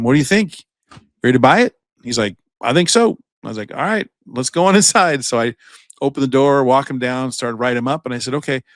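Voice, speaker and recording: A man co-hosting a podcast, telling a long, profane workplace anecdote in a casual, animated way. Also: mid-range voice, dry recording. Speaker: podcast co-host. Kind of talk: casual storytelling chat.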